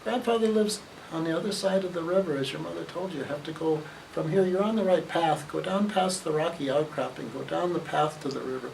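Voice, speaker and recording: Figure: wise talking log in a spoken folk tale , voiced by a woman telling it, gravelly, distant mic with faint noise. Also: deep voice, a little fast. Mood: guiding. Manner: gentle, instructive storytelling.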